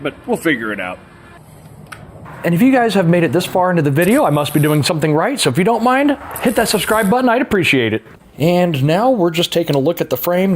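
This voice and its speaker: A man's voice: fairly high pitch, a little hiss or hum. A man casually narrating a bicycle frame build in his workshop, laid-back and chuckling often, with plenty of "uh" fillers. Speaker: hobby frame builder and vlogger.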